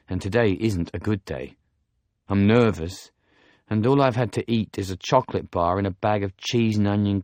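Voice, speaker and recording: A man reading a novel aloud as an audiobook narrator, in steady first-person storytelling. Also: fairly low pitch, no echo, clean studio sound.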